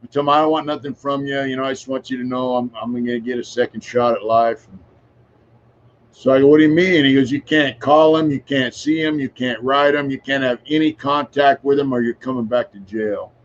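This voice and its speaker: A man's voice: mid-range voice, steady tone, brisk. A man around sixty speaks as a podcast guest. His voice sits in a middle register, and he talks casually, frankly and at length, with frequent filler phrases and some swearing. The recording sounds dull and a little muffled. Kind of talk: casual conversational storytelling.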